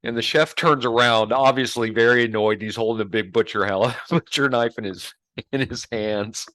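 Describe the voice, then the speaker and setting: A man co-hosting a podcast in casual chat, rambling and halting, often breaking into laughter. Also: mid-range voice, a bit bright, no echo. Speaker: podcast co-host.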